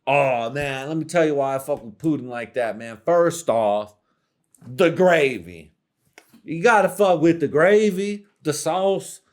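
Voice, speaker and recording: A man voicing an excitable, slow-witted guy who loudly gushes over a dish. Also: on the high side, close to an everyday voice. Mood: hyped. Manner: loud, hyped, insistent.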